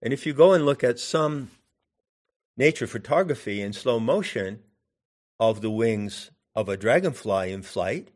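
Male teacher, unhurried and deliberate, average pitch, checks in with the listener. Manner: deliberate, poses questions to the listener. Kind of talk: meditative teaching talk.

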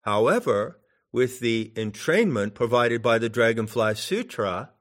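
A man giving a spoken meditation teaching in a deliberate, musing way, with long pauses between phrases. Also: medium pitch. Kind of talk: spoken dharma instruction.

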